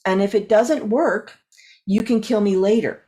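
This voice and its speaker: A woman coach and speaker, guest on an interview show, telling a story with lively acted-out dialogue. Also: medium pitch, unhurried. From California. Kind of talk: animated storytelling in conversation.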